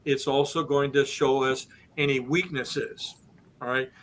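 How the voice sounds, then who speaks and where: A man hosting a business podcast, explaining the steps of a business purchase in a steady, methodical way. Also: medium pitch, measured pace, a little hiss or hum, rough recording. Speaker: host.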